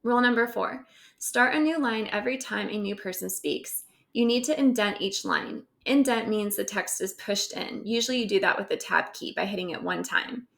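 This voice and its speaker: Gravelly woman teacher explaining a lesson. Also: mid-range voice, normal speed, a bit bright. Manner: explanatory, checks in with "right?" often. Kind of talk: recorded grammar lesson over slides.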